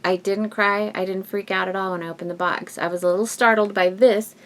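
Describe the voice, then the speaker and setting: A woman vlogger talking casually and emotionally to her viewers at home, rambling with restarts and soft laughs. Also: mid-range voice, steady tone, quick pace. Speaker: YouTube vlogger. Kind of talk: casual heartfelt talk to viewers.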